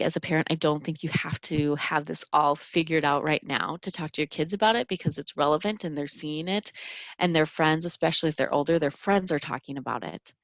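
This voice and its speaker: Low-voiced woman, earnest and halting. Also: dry recording, lo-fi sound. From Minnesota. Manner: earnest, halting, many fillers and restarts. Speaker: podcast host. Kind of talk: reflective solo podcast talk.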